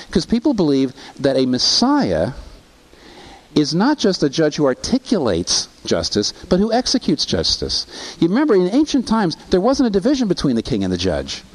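A man's voice: on the high side, low-quality recording. A man preaching a sermon, asking rhetorical questions and quoting scripture, with rising intensity. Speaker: pastor.

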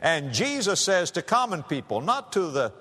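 Male preacher with a lively, rising-and-falling delivery and a long hall echo. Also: high-pitched. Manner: dramatic, with big swings between soaring and hushed phrases; slow, drawn-out emphasis on key words. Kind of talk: sermon. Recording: long reverb of a large hall.

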